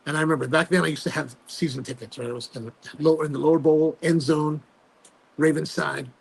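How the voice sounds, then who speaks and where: Host, male, husky and a bit high-pitched, chatty and animated, lots of restarts. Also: quick pace. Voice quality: gravelly, husky voice. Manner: animated storytelling with many fillers and restarts. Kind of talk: casual chat on a livestream.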